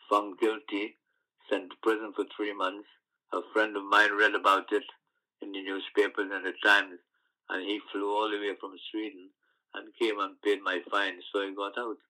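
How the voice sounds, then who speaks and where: An older man from the West Indies, recalling his past in an oral history interview, telling stories with halting restarts. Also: lowish voice, rough recording. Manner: storytelling, animated recollections with halting restarts.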